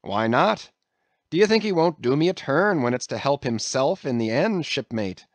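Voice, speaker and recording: A man's voice: medium pitch, animated, normal speed, no echo, lightly acted. A man voicing a defiant, scheming male sailor who asks cool, taunting questions. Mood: sly.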